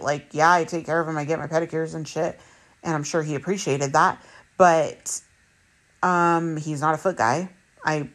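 Her voice sits low with a slightly bright edge as this thirtysomething mom vlogs straight to camera. She gets frank about relationships, cursing without restraint and hammering her points home through repetition.

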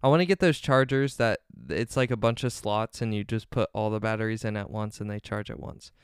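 A young man's fairly low, clear, resonant voice comes through in studio quality with no room sound. Hosting his solo podcast, he talks fairly quickly with fairly even intonation, rambling off on tangents and saying "um" often.

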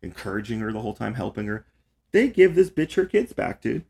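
A man's voice: lowish voice, big pitch swings, fairly quick, gravelly, mellow, slightly rough. A young man hosting a casual podcast chat, telling rambling stories full of swearing and fillers. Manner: profane, rambling storyteller with lots of fillers. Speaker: podcast host.

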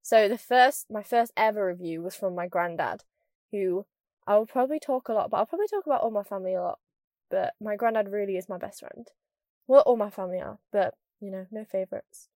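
A young woman from northern England with a mild northern accent, hosting a podcast as a casual chatty monologue and rambling quickly with lots of "like". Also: medium pitch, a little mellow, no echo, clean studio sound. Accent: mild northern English. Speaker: podcast host.

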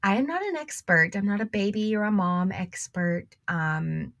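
A woman's voice: mid-range voice, expressive, moderate pace, vocal fry, a bit bright, lo-fi sound. A young woman with a stuffy, congested nose from a cold, hosting a casual solo podcast in an upbeat, chatty way with frequent small laughs. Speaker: podcast host.

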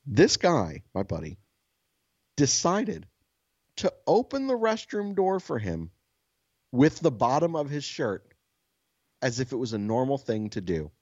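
A man co-hosting a podcast speaks in a mid-range voice at a measured pace, leaving long pauses. He's an animated, profane storyteller who acts out the quotes in casual chat. The recording is muffled but echo-free.

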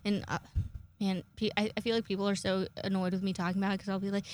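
A woman in her twenties chatting casually to her viewers, rambling and self-mocking, swearing often and jumping into high-pitched acted quotes. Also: little pitch movement, quick pace, a little mellow. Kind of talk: casual chat to camera.

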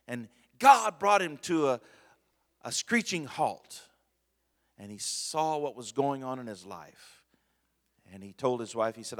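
Male pastor preaching, bright forceful voice, long echo in a church hall. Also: medium pitch. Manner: impassioned preaching that swings from hushed to loud; repeats words and restarts phrases. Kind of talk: sermon. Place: church sanctuary.

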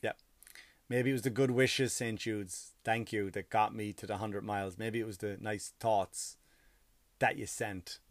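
A man's voice: on the low side, steady tone, measured pace, dry recording. A tired man, a comedian, telling a story in a casual, profane, ranting monologue.

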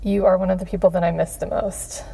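A podcast host in her thirties giving heartfelt thanks, gushing, with frequent pauses and fillers. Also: lowish voice, flat delivery, creaky, warm tone, husky. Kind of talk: heartfelt Father's Day shout-outs.

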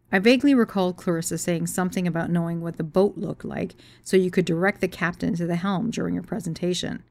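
A woman author reading her own story aloud, frank and expressive, swearing freely. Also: fairly low pitch, creaky. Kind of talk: storytelling reading of memoir and novel.

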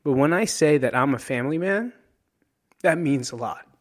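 Higher-voiced man musing candidly. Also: lively intonation, normal speed. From New Jersey. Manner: candid, emotional, swears freely; ends points with "right?". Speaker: podcast host. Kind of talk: solo reflective monologue.

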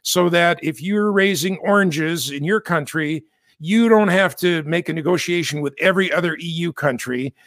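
A man's voice: fairly high pitch, moderate pace, a bit bright, no room sound, studio quality. A man from the United States giving chatty, self-correcting commentary with jokey asides. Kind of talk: casual spoken commentary.

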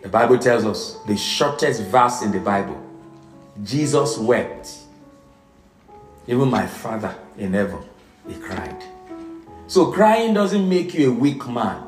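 A middle-aged man, preaching an emotional sermon with dramatic swings from loud emphasis to hushed, quiet lines. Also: mid-range voice, very animated, slow, long pauses, distant mic. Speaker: pastor. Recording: echoey room with music behind.

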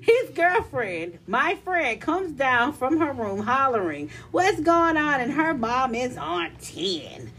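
A young woman reads a listener's letter aloud on a casual podcast. Her pitch swings a lot as she tells the story, and she laughs often. A faint hiss sits under the recording. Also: big pitch swings, slow pace, few pauses, a bit bright.

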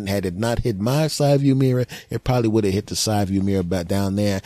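A man hosting a solo comedy podcast, telling stories in an animated, mock-outraged way and jumping into quick put-on voices. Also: on the low side, no echo. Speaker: podcast host.

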